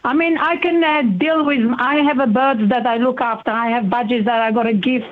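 A woman speaking as a guest in a phone-in radio interview, halting and heartfelt, with many pauses. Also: a little high. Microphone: telephone. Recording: tinny phone line.

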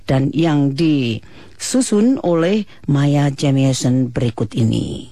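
A man presenting a radio feature, reading a measured scripted introduction. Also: medium pitch, background noise.

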